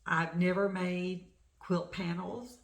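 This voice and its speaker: A middle-aged woman from the United States, hosting a crafting vlog and chatting excitedly about her shopping. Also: on the low side, slow pace. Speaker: flosstube host. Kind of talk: casual crafting vlog chat. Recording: echoey room.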